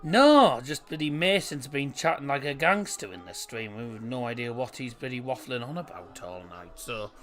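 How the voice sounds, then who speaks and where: A young man hosts a live football watchalong, reading the chat and reacting to the match at normal speed with few pauses in his mid-range voice. He is excitable, rising to shouts at chances, and fumbles over name pronunciations.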